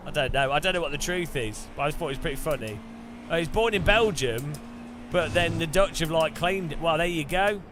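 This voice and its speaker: A man's voice: a little high, normal speed, pauses often. Rambling man, noisy recording. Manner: rambling, chuckling, with many restarts. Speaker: sim racing streamer. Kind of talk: casual gaming chat.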